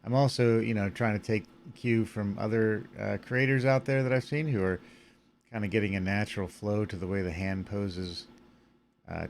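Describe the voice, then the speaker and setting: Sleepy deep-voiced man, gravelly, rambling tutorial over faint room hiss. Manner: relaxed and rambling, many fillers, yawning. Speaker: animation puppet creator. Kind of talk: casual screen-recorded tutorial.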